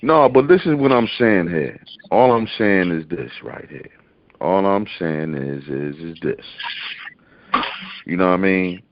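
A man's voice: low voice, animated, unhurried. Blunt man questioning on lo-fi radio. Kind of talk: casual call-in radio chat. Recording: dull lo-fi dry sound.

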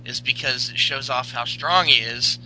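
A man's voice: medium pitch, moderate pace, sharp tone, rough recording. A man co-hosting a casual podcast chat, meandering with lots of fillers and crude jokes. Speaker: podcast co-host.

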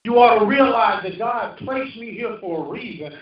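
A man's voice: sits high, lively intonation, moderate pace. A man in his fifties preaching a sermon with call-and-response, rising and falling for emphasis. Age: 50s. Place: church sanctuary. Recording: roomy muffled church recording from a distance.

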